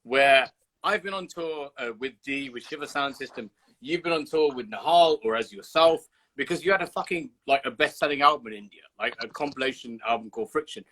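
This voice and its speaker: A man's voice: mid-range voice, fairly quick, a bit bright, rough recording. A man hosting a casual livestream chat over a video call, teasing his guest, swearing freely and telling stories with animation. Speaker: host.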